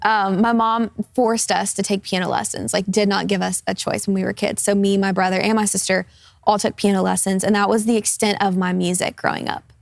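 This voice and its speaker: A woman in her twenties tells a personal testimony in a talk-show interview. Her mid-pitched voice has a gravelly fry at the ends of phrases. She speaks earnestly and casually, dotted with fillers, and the sound is dry and close. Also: steady tone, brisk, dry recording. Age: 20s. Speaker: guest.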